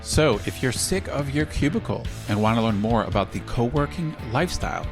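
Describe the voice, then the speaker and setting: A man's voice: mid-range voice, lively intonation, fairly quick, music in the background. An American man in his forties co-hosting a podcast, reading promos with dry humor in a casual chat. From United States. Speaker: podcast co-host.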